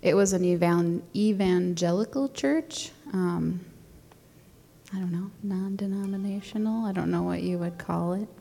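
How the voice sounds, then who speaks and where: A woman's voice: lowish voice, a little slow, creaky, mellow, long reverb tail, slight background noise. A young adult woman chatting casually as a guest, rambling with fillers and little laughs. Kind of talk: casual conversation.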